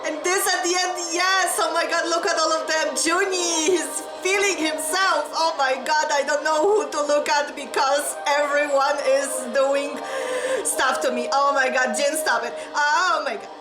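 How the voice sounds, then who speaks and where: A woman hosting a reaction video, gasping and exclaiming breathlessly with excitement. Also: sits high, a little slow. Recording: roomy echo with music playing behind. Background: the reacted music video's music.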